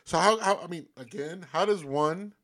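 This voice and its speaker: A man co-hosting a casual podcast chat, talking in a hesitant, halting way with many restarts. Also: sits high, fairly bright tone. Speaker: podcast co-host.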